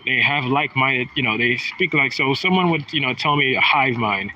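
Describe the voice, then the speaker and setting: A man's voice: medium pitch, moderate pace, pushed and bright, highs cut off, slight background noise. A man in his thirties talking in a rambling, aggrieved monologue, often restarting his sentences. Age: 30s. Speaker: vlogger. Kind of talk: casual monologue.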